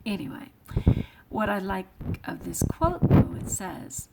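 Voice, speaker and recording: A woman vlogger and teacher, thinking aloud in a soft-spoken, musing way and sometimes dropping to a whisper. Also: medium pitch, big pitch swings, slow pace, very noisy. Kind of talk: reflective casual vlog talk.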